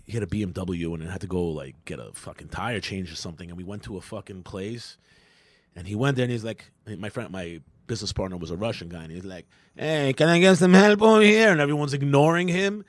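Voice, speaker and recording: A male comedian co-hosting a podcast, swinging his pitch up and down as he spins crude, profane anecdotes in loose banter. His voice is close and dry, with no room sound around it. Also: animated, fast, no room sound. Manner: profane storyteller, puts on shouty tough-guy voices in anecdotes.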